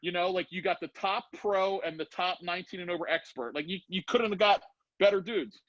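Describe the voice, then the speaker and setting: Male podcast guest, lively storyteller, slightly high voice, dry lo-fi recording. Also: brisk, dry recording. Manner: animated storyteller acting out quoted voices. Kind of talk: casual storytelling.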